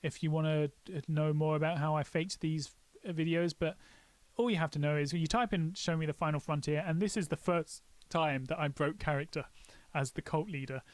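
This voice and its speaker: A man's voice: a little high, moderate pace, no room sound. Joking male streamer, dry close sound. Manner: joking, self-mocking. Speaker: live stream host. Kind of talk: casual live stream walkthrough.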